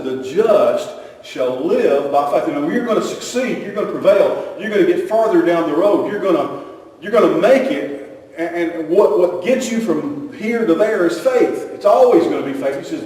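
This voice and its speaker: A man's voice: on the high side, darkish tone. A male pastor preaching a sermon in a folksy, rambling way, repeating his phrases and chuckling between points. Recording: echoey hall, mic far off.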